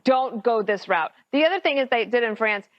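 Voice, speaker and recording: A woman on a TV panel making a brisk, opinionated argument. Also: fairly high pitch, expressive. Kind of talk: broadcast panel commentary. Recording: dry, dull TV clip audio.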